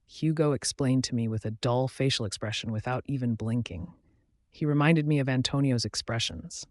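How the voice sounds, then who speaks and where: A man reading first-person audiobook narration in a steady storytelling voice. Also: medium pitch, moderate pace, dry recording, studio quality.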